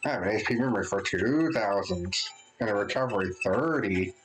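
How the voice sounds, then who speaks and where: A man's voice: lowish voice, fairly quick, rough recording. A man hosting a let's play, casually reading game text aloud and chatting as he plays. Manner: relaxed, chatty, thinks aloud with restarts. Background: game music.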